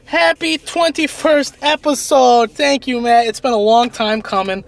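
A young man co-hosting a casual comedic chat, goofy and loud, breaking into big excited yelps. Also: very high voice, unhurried, gravelly. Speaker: co-host.

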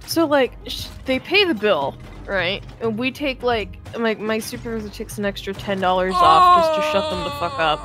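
A woman's voice: fairly high pitch, big pitch swings, normal speed, few pauses, loud music behind the voice. A young woman casually telling a long work story, acting out customers' lines and laughing often.

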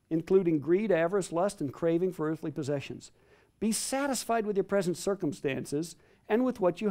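High, lively emphatic male preacher. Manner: emphatic, repeats phrases for stress. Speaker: Bible teacher. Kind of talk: sermon teaching to a live audience.

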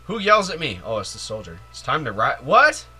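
Faint music runs under this giddy, jokey gameplay commentary from a man playing a video game. His medium pitch swings widely, he talks fairly quickly, and his tone is sharp and slightly rough. As a let's player, he cheers a lot and says "like" and "yay" often.

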